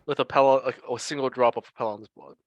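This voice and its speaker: A man's voice: mid-range voice, steady tone, fast talker, no echo, dull audio. A man playing a character in a tabletop game, talking casually and a bit rambling. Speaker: player.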